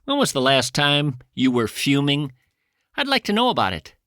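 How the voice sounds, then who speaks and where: Guy hosting a podcast, comic rant, kinda bright edgy tone, goes all over the place. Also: on the high side, moderate pace, dry recording, clean studio sound. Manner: animated, mock-outraged, theatrical. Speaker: podcast host. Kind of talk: rambling comic monologue and prank phone call.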